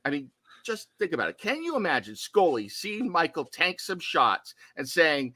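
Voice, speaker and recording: Male podcast co-host, somewhat high and bright, chatty and digressive, dry close sound. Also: normal speed, no echo. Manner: animated, digressive, playful asides. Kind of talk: casual horror podcast chat.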